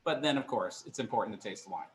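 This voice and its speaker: A man's voice: lowish voice, expressive, fast talker, a bit bright, reverberant. A middle-aged man leading a live online wine tasting class, chatty and enthusiastic, poking fun at himself. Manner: chatty, enthusiastic, self-deprecating. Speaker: wine instructor. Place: kitchen counter, indoors.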